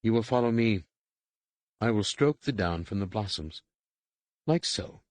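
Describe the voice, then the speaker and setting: In an audiobook character reading, a man with a fairly low, expressive voice portrays a stern female alien slave overseer. He delivers her curt instructions in a clipped, commanding, measured manner.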